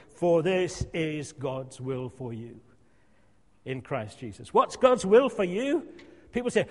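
A man preaching a sermon in a church, emphatic and repetitive, sometimes dropping to a soft hush. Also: a little high, animated, measured pace. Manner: emphatic, repeats phrases, drops to a soft hush. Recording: long hall reverb.

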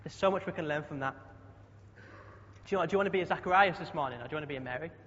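Chatty young preacher, higher voice. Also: male voice, rapid-fire, fairly bright tone. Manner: chatty, asks the congregation questions. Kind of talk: sermon. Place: church hall. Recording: dull sound with long hall echo.

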